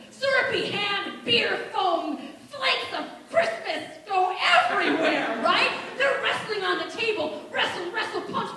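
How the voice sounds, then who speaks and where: A woman telling a family story as stand-up comedy, acting out her relatives in quick changing voices. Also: very high voice, fairly bright tone, far from the mic. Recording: echoey room, voice from off-mic.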